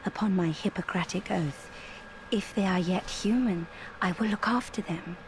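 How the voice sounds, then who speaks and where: An actress playing a polite, composed woman doctor who speaks softly and courteously. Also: lowish voice, background noise, natural voice. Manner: courteous, soft, measured. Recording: game audio with faint ambience.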